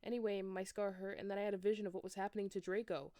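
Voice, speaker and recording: A woman's voice: mid-range voice, little pitch movement, very fast, mellow, no echo, clean studio sound, natural voice. A woman voicing a mopey, melodramatic young male vampire wizard who wails shrilly. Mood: whiny.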